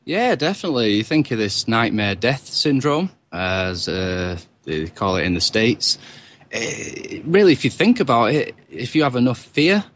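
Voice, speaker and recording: A man co-hosting a casual podcast, speaking in an earnest, steady way. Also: mid-range voice, unhurried. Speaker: co-host.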